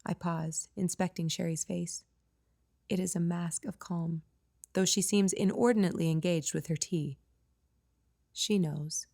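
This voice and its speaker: A woman reading her own novel aloud as a first-person audiobook narrator, plain and even. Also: on the low side, unhurried, creaky, pauses often. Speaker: author and narrator.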